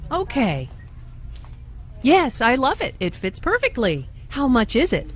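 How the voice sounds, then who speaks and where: A woman's voice: high voice, huge pitch swings, unhurried, slightly rough, heavily acted. A woman voicing a friendly customer in a scripted learning dialogue. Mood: pleased. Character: female shopper buying a sweater.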